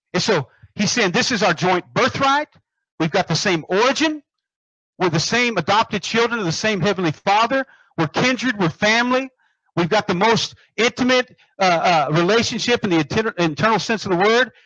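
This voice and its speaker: A man's voice: sits high, lively intonation, normal speed, sharp tone, no room sound. A man preaching a sermon, emphatic, repeating phrases and asking the congregation questions. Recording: muffled dry recording.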